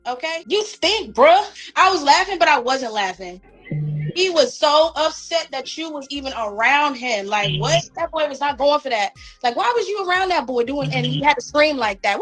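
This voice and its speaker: A woman's voice: high voice, lively intonation, normal speed, fairly bright tone, faint music behind, rough recording. A woman from Northern Virginia giving casual gossip commentary, blunt and mocking, repeating phrases for emphasis. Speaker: commentary streamer.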